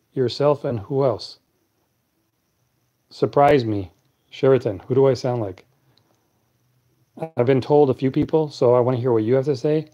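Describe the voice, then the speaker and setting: A man hosting a late-night live stream, chatting casually and answering viewers' comments in a deep, clear voice. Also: dark tone.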